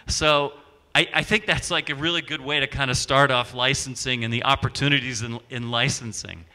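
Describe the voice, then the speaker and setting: Bright-voiced man moderating a panel. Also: mid-range voice, steady tone, brisk. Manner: chatty anecdotal, acts out quoted voices. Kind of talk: conference panel storytelling. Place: conference stage. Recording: stage panel in a large hall.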